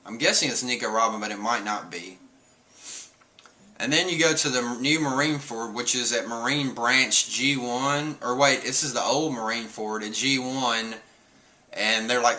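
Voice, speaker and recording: Man streamer, casual rambling recap, chuckles a lot, very bright tone, mid pitch. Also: measured pace. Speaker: streamer reviewing a comic chapter. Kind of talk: casual chat.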